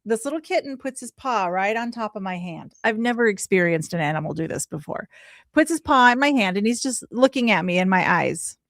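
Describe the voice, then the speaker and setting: A woman in her forties, a podcast guest, telling a heartfelt personal story in an animated way, acting out the voices she quotes. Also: mid-range voice, a little fast, no room sound, clean studio sound. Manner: animated, acts out quoted voices, laughs often.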